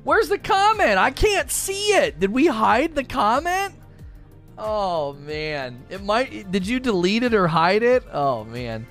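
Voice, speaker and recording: A man's voice: high voice, wildly swooping pitch, takes it slowly, fairly bright tone, soft background music. A man in casual gaming chat as a YouTuber host, laughing often and repeating phrases.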